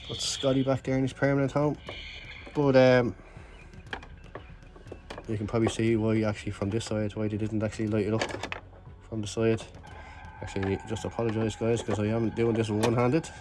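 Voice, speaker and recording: A man's voice: medium pitch, a bit bright. A man vlogging a toy review in a casual, enthusiastic, rambling chat full of fillers.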